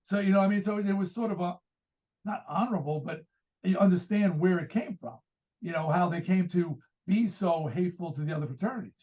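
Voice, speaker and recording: High-voiced man on a tinny line. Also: a little fast. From United States. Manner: rambling storyteller who acts out quoted dialogue. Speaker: guest author and musician. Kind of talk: casual interview conversation. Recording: tinny phone-like remote line.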